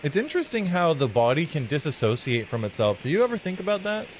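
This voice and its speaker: A man with a mild, flattened American Southern accent, rambling, swearing and musing playfully while he streams a game. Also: on the high side, fast, slight background noise, low-quality recording. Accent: mild American Southern, partly flattened. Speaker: live streamer. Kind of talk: casual gameplay commentary.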